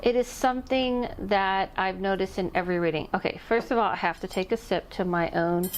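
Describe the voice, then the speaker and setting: A woman's voice: mid-range voice, a little fast, few pauses. A middle-aged woman who works as an intuitive medium, chatting casually to camera on her vlog and rambling off topic with little laughs. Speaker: intuitive medium and channel host.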